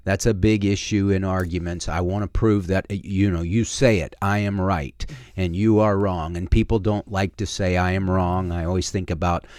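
A man's voice: deep voice, steady tone, normal speed, few pauses, a little mellow, dry recording. A middle-aged man hosting a talk radio show as a pastor, speaking earnestly in a folksy way with plenty of filler words. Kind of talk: casual talk radio with preaching. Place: radio studio.

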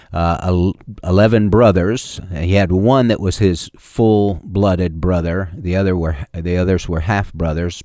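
A male preacher delivers a sermon in a folksy, conversational manner, often pausing on fillers and restarting phrases. His voice sits on the low side. The sound is dry and close, with no room echo. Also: darkish tone.

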